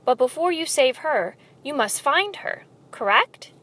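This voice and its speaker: A woman's voice: high voice, very animated, a bit bright, pitched above the performer's own voice, heavily acted. Woman doing a sly villainous rat. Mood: scheming. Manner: silky, theatrical, drawn-out. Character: sly villainous male rat, smooth and mocking. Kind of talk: storybook read-aloud.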